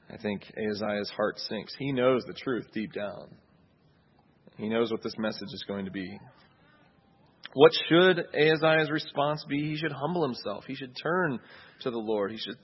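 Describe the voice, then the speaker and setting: A man delivers a sermon in a relaxed, conversational way, often asking his listeners "right?" as he goes. His voice is husky, and the recording sounds dull and lo-fi. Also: mid-range voice. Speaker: pastor.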